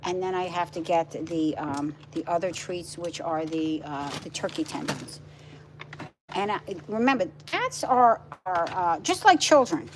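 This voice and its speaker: A woman's voice: fairly low pitch, animated, unhurried, noisy background. A middle-aged woman chatting casually on a live stream at home, rambling and cooing to her dogs. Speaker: vlogger and pet rescuer. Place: home, indoors with pets.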